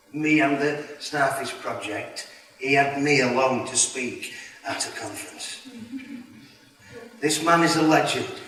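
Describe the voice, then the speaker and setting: A man's voice: medium pitch, sharp tone. A young man with a Yorkshire accent giving a motivational keynote speech, stammering and repeating words as he speaks. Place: large hall. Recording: echoey hall, from far off.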